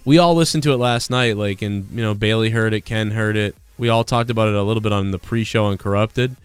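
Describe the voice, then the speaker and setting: A man's voice: lowish voice, fast talker, clear, resonant tone, no echo. A man chatting casually on a gaming live stream, rambling and getting heated as he retells an argument.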